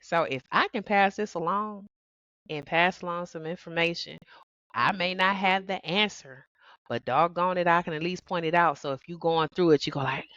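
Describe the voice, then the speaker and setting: A woman hosting a personal podcast, talking about heartbreak and healing in a reflective monologue, expressive and quick to laugh, often calling the listener "baby". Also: lowish voice, dry recording, muffled recording. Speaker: podcast host.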